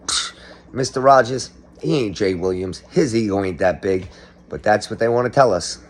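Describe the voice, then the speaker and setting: A man's voice: sits low, animated, fairly quick, a little mellow. A middle-aged man doing a comedic monologue, ranting sarcastically as if exposing a conspiracy. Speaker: comedic commentator.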